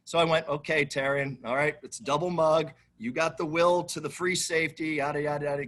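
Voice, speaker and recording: A man, a head football coach, answering questions at a press conference in an emphatic, animated way that repeats itself. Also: a little high, brisk, hardly any pauses.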